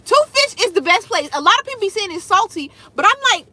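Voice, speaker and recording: A woman's voice: very high voice, quick pace, no room sound. A young woman, chatting casually with her viewers on a livestream as a food content creator. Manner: animated, talks straight to viewers, reads out comments.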